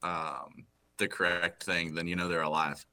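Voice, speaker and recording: A man with a very low voice and a bright, forceful edge to it, chatting casually on a podcast. He sounds matter-of-fact and a little playful. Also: level tone, moderate pace. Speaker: podcast co-host. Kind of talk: casual banter.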